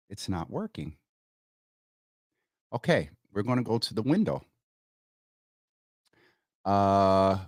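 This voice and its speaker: Lively man hosting a livestream. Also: low voice, no room sound, clean studio sound. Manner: talks straight to viewers, calling them y'all; thinks out loud while fixing tech problems. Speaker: livestream host. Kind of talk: casual livestream chat.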